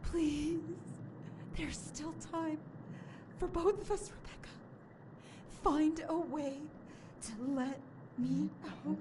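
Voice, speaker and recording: A woman's voice: high-pitched, takes it slowly, pauses often, background noise. An actress voicing a trapped, terrified young woman in a horror game, pleading and tearful, at times dropping to an eerie whisper. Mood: desperate pleading.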